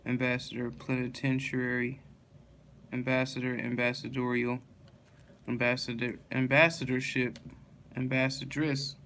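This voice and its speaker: A tired man reading dictionary words one after another in a flat monotone, stumbling and restarting now and then. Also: mid-range voice, normal speed, a little hiss or hum. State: yawning, tired.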